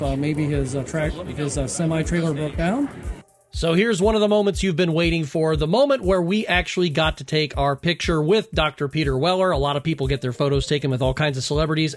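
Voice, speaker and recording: Chatty excitable guy hosting a con vlog, kinda high voice, rambles a lot. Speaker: YouTube channel host. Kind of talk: casual convention vlog and voice-over. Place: busy convention hall.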